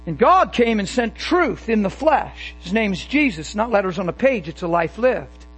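A man preaching a sermon with fervent emphasis and quick rhetorical questions. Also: high voice, very animated, slightly rough, poor audio.

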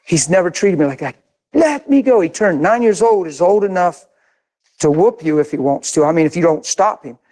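A man's voice: on the high side, fairly quick, darkish tone. An older man preaching a sermon, telling a story with emphatic, intense repetition. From grew up in a city. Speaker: pastor.

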